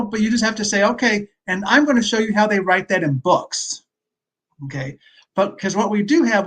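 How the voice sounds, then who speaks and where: Guest expert, man from the West Coast, high voice, explanatory chat. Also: fairly bright tone. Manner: explanatory, conversational. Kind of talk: casual panel discussion.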